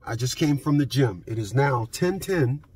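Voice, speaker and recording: A man's voice: mid-range voice, lively intonation, moderate pace, a little mellow, slightly rough. A man ranting into his phone camera from his parked car, profane and emphatic, repeating his points. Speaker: vlogger. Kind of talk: unscripted ranting vlog.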